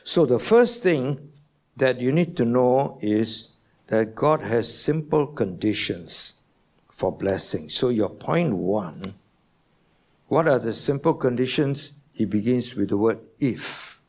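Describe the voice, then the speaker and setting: A man preaching a sermon as senior pastor in a church, teaching slowly and asking the congregation questions. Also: mid-range voice, expressive, a little mellow, breathy edge. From Singapore.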